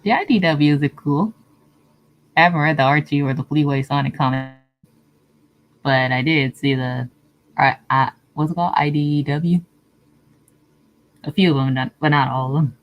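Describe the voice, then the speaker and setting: A woman's voice: low-pitched, steady tone, moderate pace, pauses often, lo-fi sound. A woman streamer chatting casually with her viewers, answering comments and laughing often. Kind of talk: casual live-stream chat.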